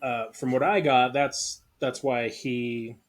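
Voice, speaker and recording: A man's voice: medium pitch, fairly even intonation, slow. A man co-hosting a casual movie discussion podcast, joking and rambling with frequent laughs. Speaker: podcast co-host.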